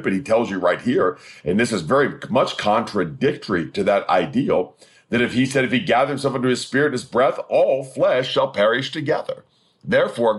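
A middle-aged male pastor delivers a fervent sermon, hammering points home through repetition. His voice sits low and carries a husky edge. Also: fairly bright tone. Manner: fervent, emphatic preaching with repeated phrases.

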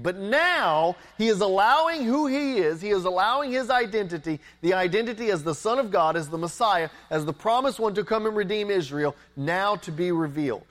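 A man's voice: high voice, expressive, brisk, few pauses, fairly bright tone. A man preaching a sermon as a pastor, earnest, repeating words and asking rhetorical questions.

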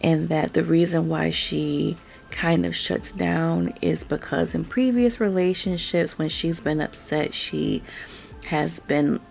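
A woman's voice: low voice, takes it slowly, creaky, a little mellow. A woman giving a chatty, opinionated recap of a reality show, full of filler words and sudden emphatic jumps when she gets worked up. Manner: chatty and opinionated, lots of "like" and "bruh", rising emphatic outbursts. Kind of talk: casual recap commentary.

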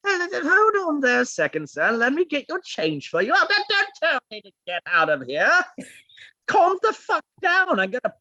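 A man's voice: very high voice, wildly swooping pitch, normal speed, pushed and bright, no echo, highs cut off, pitched above the performer's own voice, full character voice. A man voicing a murderous male clown in a posh, uppity British accent, prim and falsely polite while making threats. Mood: gleefully menacing.

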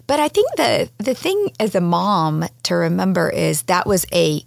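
A woman's voice: lowish voice, expressive, normal speed, creaky, dry recording, studio quality. A woman co-hosting a podcast, giving reflective parenting advice in a casual, reassuring way. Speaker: podcast co-host.

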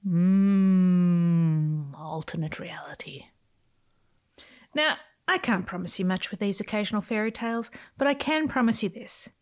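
Woman podcast host, whimsical, theatrical, swoopy pitch, playful scripted reading. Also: lively intonation, fairly quick, fairly bright tone.

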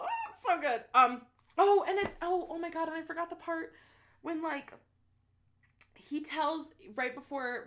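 A young woman casually and animatedly retelling a book's plot, full of "like" fillers and swearing. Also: on the high side. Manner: animated, chatty, heavy use of "like" and swearing. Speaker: book fan retelling a plot. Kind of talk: casual chat.

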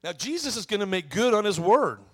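Expressive high-voiced male preacher. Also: brisk. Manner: expressive preaching, swelling and dropping for emphasis. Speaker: pastor. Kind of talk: sermon.

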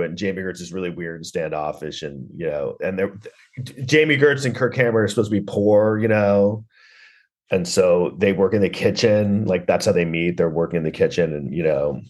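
A man hosting a podcast, rambling sarcastically through a comedic movie review. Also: deep voice. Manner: rambling, sarcastic, lots of restarts and "like". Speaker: podcast host.

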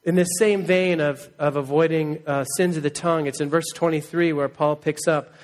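Man, pastor, conversational sermon, earnest, slightly high voice. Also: steady tone, normal speed, hardly any pauses. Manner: conversational, earnest, asks the crowd for replies.

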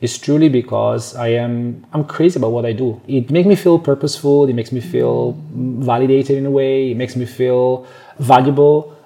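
Man, Italian accent, gravelly, dark tone, enthusiastic guest. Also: medium pitch, steady tone, normal speed. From Italy. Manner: enthusiastic, passionate. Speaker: podcast guest. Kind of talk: interview clip.

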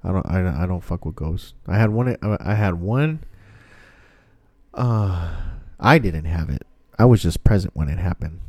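A man's voice: sits low, mellow, dry recording. A man in casual chat, rambling and swearing freely as he tells a story. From family from Mexico.

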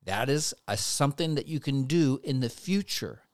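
Man, devotional speaker, mid pitch, dry close sound, earnest and measured. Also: expressive, no echo. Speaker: Christian speaker. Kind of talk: devotional teaching to camera.

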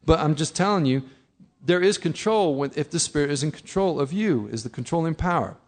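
A man's voice: a little high, expressive, a little fast. A middle-aged man preaching a sermon in a conversational way, acting out his listeners' objections. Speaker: pastor.

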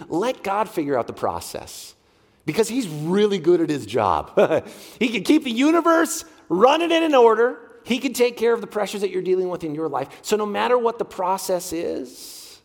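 A middle-aged man preaching a heartfelt sermon as a pastor, leaning on repeated phrases. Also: high-pitched. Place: church sanctuary. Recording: long hall reverb.

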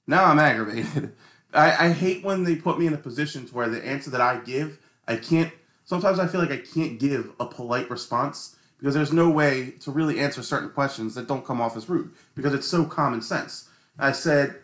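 A man co-hosting a casual podcast, telling an animated, exasperated story about a customer. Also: mid-range voice, brisk, echoey room. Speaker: podcast co-host. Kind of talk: casual chat.

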